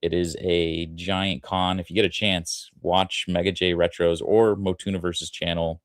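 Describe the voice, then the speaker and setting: A man's voice: low voice, level tone, a little slow, dry recording, studio quality. A man co-hosting a fan podcast, talking casually and laughing easily as he shares plans. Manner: laughs easily, breaks into goofy impressions. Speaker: podcast co-host. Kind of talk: casual chat.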